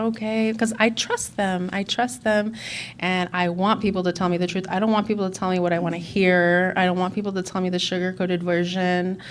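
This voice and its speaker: A woman's voice: mid-range voice, steady tone, measured pace, slight background noise. A woman speaking at a recovery conference, sharing her personal story candidly and reflectively, with fillers and restarts. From Chicago.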